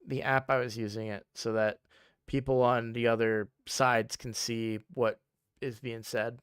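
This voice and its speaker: A man's voice: medium pitch, flat delivery, a little slow, clean tone, no echo, studio quality. A man chatting casually on a game live stream, sleepy and yawning, rambling with frequent restarts.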